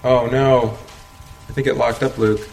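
Man at mid pitch leading a casual Bible study, chuckles often, recorded in a roomy space. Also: little pitch movement, a little slow, darkish tone. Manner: conversational, asks rhetorical questions, chuckles often. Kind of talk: informal Bible study teaching. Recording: roomy echo, faint background noise.

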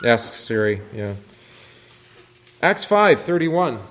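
Over heavy background noise, a pastor teaches Bible study in a slow, sing-song, mid-range voice. He's conversational, puts questions to the group, and restarts often.

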